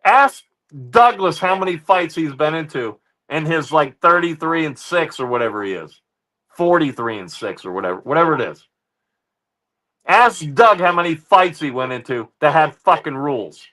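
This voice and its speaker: A man hosting a livestream, ranting heatedly at his chat with constant swearing and repeated "ladies and gentlemen.". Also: a little high, lively intonation, moderate pace. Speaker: livestream host reacting to chat. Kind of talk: profane livestream rant.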